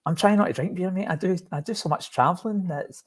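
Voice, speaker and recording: A man's voice: high-pitched, fast, breathy edge. A man with a Glaswegian Scottish accent, a podcast guest in casual chat, jokey and laughing, tripping over and repeating his words. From Scotland. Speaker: podcast guest, safety coach.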